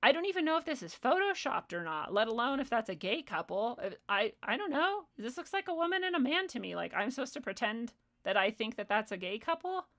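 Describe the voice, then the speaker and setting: Woman streamer ranting, kinda high voice, sarcastic and cussing a lot. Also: very animated, fairly quick, a bit bright. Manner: sarcastic, profane, exasperated. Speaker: streamer hosting her own show. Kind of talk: ranting live-stream commentary.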